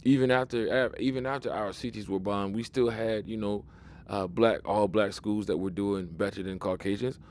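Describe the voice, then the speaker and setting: A man's voice: fairly low pitch, fairly even intonation, moderate pace, a little mellow. A man giving a casual spoken commentary monologue, emphatic and preachy, often restarting and repeating words as he pushes his point. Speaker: video commentator.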